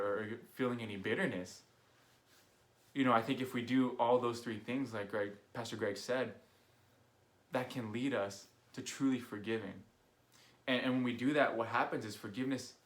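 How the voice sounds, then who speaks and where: Speaking on the low side with a fairly bright tone, a young youth director gives an easygoing online sermon recap. He tells it like a story, full of fillers, and performs the quoted voices.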